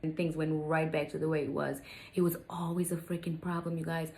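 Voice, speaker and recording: A woman's voice: deep voice, level tone, brisk, a little mellow. A young adult woman telling a personal story to her viewers, candid and venting, often calling them "you guys". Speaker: vlogger.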